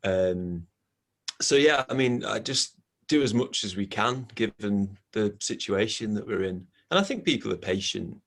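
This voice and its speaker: A man talks over a video call with a fairly low voice. He rambles, restarts his sentences and laughs at his own bad puns. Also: animated, unhurried, a bit bright. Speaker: band member, guest. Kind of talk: casual interview chat.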